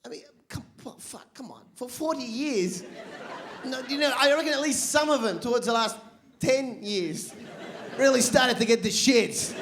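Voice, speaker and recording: High-voiced, animated stand-up comedian. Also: male voice, crowd noise, noisy background. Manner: animated, rapid asides, lots of swearing. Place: stage at a live comedy show.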